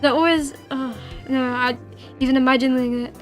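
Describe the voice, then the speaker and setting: A woman's voice: high-pitched, fairly even intonation, normal speed, faint music behind. A young woman hosting a livestream, chatting casually with her viewers in a rambling way full of fillers and restarts. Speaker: livestream host. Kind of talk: casual chat with viewers while streaming.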